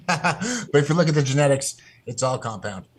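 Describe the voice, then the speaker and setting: A man's voice: fairly high pitch, expressive, normal speed, slight background noise. Profane, rambling podcast guest, man. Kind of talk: casual podcast chat.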